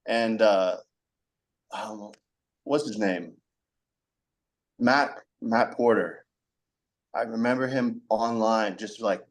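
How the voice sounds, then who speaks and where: A man's voice: mid-range voice, takes it slowly, pauses often. A young man as a podcast guest, talking frankly in a rambling conversational way, with many fillers. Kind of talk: candid conversational storytelling.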